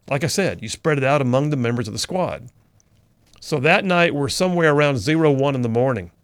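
A middle-aged man hosting a talk radio show, with a gravelly, fry-tinged voice. He tells a story in an earnest, folksy way that leans preacher-like, recorded close and dry. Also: medium pitch, no room sound. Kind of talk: storytelling commentary.

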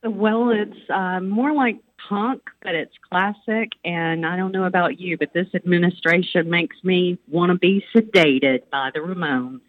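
A woman's voice: on the low side, steady tone, measured pace, few pauses. Chatty woman caller, sounds like a thin phone line. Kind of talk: phone-in call.

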